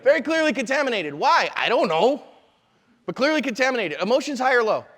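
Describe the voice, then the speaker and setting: A man teaching a live seminar, energetic and conversational, with quick asides to the audience. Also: very high-pitched, big-room sound. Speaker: self-defense instructor. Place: convention hall seminar room.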